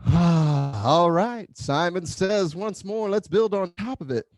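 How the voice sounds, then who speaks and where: A man leading an online tai chi class, giving calm movement cues with playful whoops. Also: sits high, slow pace, no room sound, clean studio sound. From Philadelphia area.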